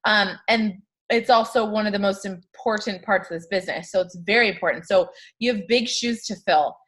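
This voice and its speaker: A woman's voice: mid-range voice, fairly quick, a bit bright. Chatty woman hosting a group call. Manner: chatty, upbeat, heavy filler words. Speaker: call host.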